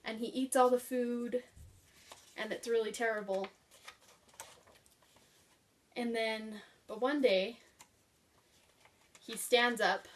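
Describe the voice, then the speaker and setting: A woman's voice: a little high, fairly even intonation, slow, pauses often. Rambling woman vlogger heard from afar. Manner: rambling, filler-heavy, enthusiastic. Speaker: book vlogger. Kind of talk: casual book review chat. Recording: voice picked up from a distance.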